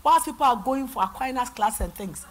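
A middle-aged woman pastor from Ghana with a Ghanaian accent, preaching a sermon in church and swinging between loud and soft. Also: on the high side, expressive, a little fast.

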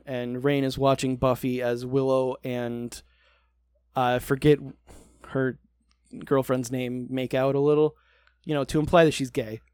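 A man's voice: mid-range voice, a little mellow, smooth, dry recording. A man co-hosting a podcast, recapping a TV show in casual, sarcastic chat and swearing freely.

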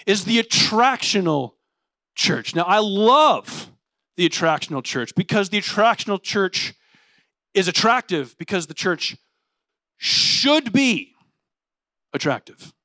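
A young adult male pastor preaching a sermon in a casual, energetic way, saying "like" often. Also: sits high, slow, pauses often, no room sound, clean studio sound. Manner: animated and playful.

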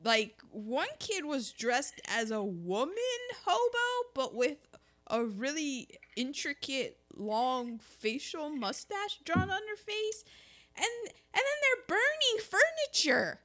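A woman co-hosting a casual chat, recapping a story with lively energy and acting out the characters' lines. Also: sits high, takes it slowly. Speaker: podcast co-host.

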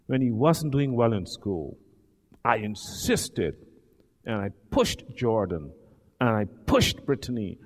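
A man preaching a sermon in a large church hall, talking emphatically and dramatically with sudden loud swells. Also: mid-range voice, big pitch swings, slow. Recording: long hall reverb.

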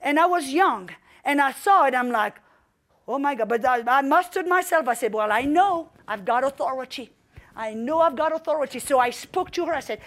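A woman's voice: high-pitched, expressive, moderate pace. A middle-aged woman preaching a sermon, telling a story with fervent emphasis and commanding outbursts. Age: young adult in 1994, now middle-aged.

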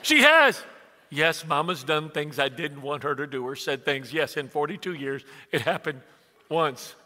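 A man in his sixties preaching with a high, bright, ringing voice. He tells stories like he is chatting, drops to near-whispers, then jumps up loud. The long reverb of a big hall trails after every line. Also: moderate pace, slight background noise. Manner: animated, conversational preaching that swings from hushed to loud. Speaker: pastor. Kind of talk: sermon with storytelling.

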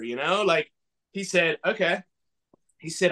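A man from southwestern Pennsylvania, a podcast guest and toy collector, telling a story in a casual, animated way and acting out the dialogue. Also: unhurried, pauses often. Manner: animated, acts out dialogue with big swings in pitch.

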